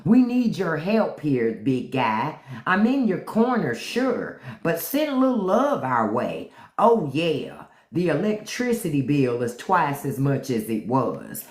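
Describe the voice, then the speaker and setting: A host doing a pleading everyday man with a thick Southern drawl, whining for help with bills. The pitch rises and falls a lot, and the voice rings in a roomy space. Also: huge pitch swings, slow pace, few pauses. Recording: roomy echo.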